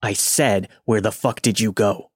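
A man's voice: fairly low pitch, steady tone, measured pace, breathy edge, no room sound, clean studio sound. A man voicing an intoxicated, furious young man who curses and snarls. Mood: angry. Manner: snarling, cursing.

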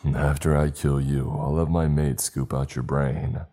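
A hulking, rabid beast of a man taunts his enemy with snarling threats, played by a male narrator. His voice sits extremely deep and dark, with a mocking cruelty in every line. Faint music plays underneath the audio-drama reading. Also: fairly even intonation, measured pace, exaggerated voice. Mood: menacing taunts.

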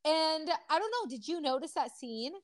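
A woman's voice: high voice, moderate pace. A woman co-hosting a podcast, recapping a reality TV episode in casual chat and acting out quotes with drama. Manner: animated, acts out quotes in dramatic voices. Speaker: podcast co-host.

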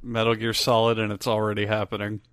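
A man's voice: on the low side, completely flat delivery, quick pace, a bit bright, soft background music. A man co-hosting a podcast, joking around and explaining things at length in casual chat. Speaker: podcast co-host. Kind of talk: casual chat, reading fan mail.

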